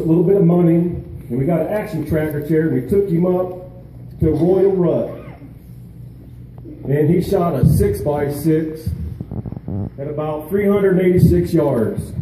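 A man, a veteran and peer mentor, giving an emotional speech at an outdoor charity event, halting with pauses and fillers. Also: fairly high pitch, very echoey, distant mic, background noise.

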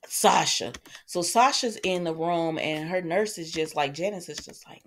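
A woman casually recapping a soap opera, chatty and animated, acting out quoted lines. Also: lowish voice, normal speed.

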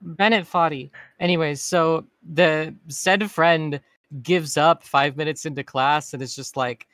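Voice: medium pitch, steady tone, unhurried, a bit bright, dry recording. A college student telling a rambling story in a casual stream chat, full of restarts.

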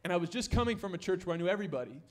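Young pastor, higher male voice, energetic sermon with jokes, loud on the emphasis, church stage mic. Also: very fast. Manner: energetic, joking, rising to near-shouts for emphasis. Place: church sanctuary.

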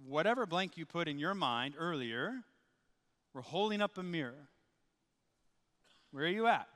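A man preaching a sermon as pastor, telling the story with animated energy and acting out the people he quotes. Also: a little high, a little slow. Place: church sanctuary. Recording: reverberant church hall.

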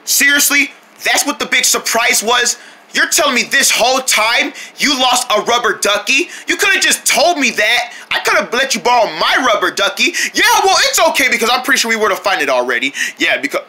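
A voice performer doing a playful comic skit with several characters, excitable and often shouting. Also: medium pitch, moderate pace, a little hiss or hum.

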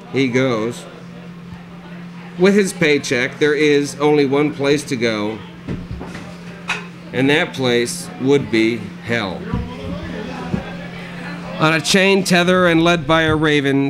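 A man reading his own dark comic prose aloud at a live cafe reading, with a dry, sardonic delivery. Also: fairly high pitch, takes it slowly, faint music behind, low-quality recording.

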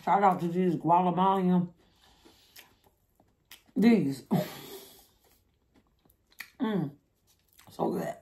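A woman's voice: fairly low pitch, extremely slow, long pauses, warm tone. Chatty woman eating on camera. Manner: chatty, laughs often, talks while eating. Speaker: mukbang vlogger. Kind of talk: casual eating vlog chat.

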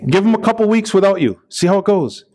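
A man's voice: high voice, animated, fast, a little mellow. A man preaching a sermon as a pastor in a conversational way, reading scripture and joking between passages, often checking in with "right?".

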